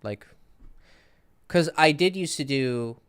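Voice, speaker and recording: A man's voice: a little high, takes it slowly, a bit bright, smooth. A man in his thirties, a dating coach, telling stories in a casual, rambling livestream Q&A with many fillers and restarts.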